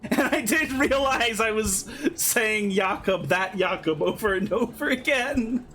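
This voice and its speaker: A game streamer giving casual let's-play commentary, animated, with swearing and laughing asides. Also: medium pitch, a little slow, a little hiss or hum.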